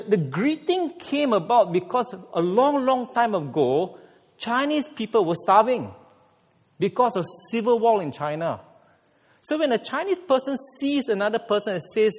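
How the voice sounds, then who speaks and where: A man preaching a sermon in an animated way, with sudden emphatic rises. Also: very high voice, big-room sound. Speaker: pastor.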